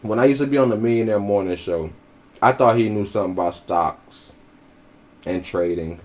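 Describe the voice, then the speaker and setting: A man's voice: fairly low pitch, moderate pace, a little mellow. Blunt, profane male podcast commentator. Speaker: podcast co-host. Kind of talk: casual commentary.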